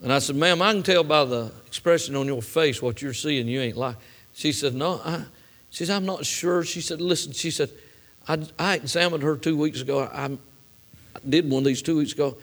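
A man's voice: on the high side, normal speed, fairly bright tone. A middle-aged man preaching a sermon, telling a personal story in a folksy way that builds to fervent emphasis.

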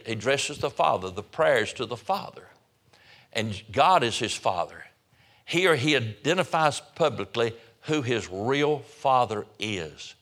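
A man's voice: medium pitch, fairly bright tone. A man preaching a sermon in a church, emphatic, often repeating words as he restarts a phrase. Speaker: pastor.

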